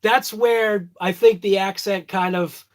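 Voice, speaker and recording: A man's voice: high-pitched, fairly even intonation, measured pace. A man with a thick Boston accent rambling through a jokey morning check-in to his phone camera. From Boston area. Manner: rambling, jokey, self-mocking. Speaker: vlogger. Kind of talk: casual morning check-in chat.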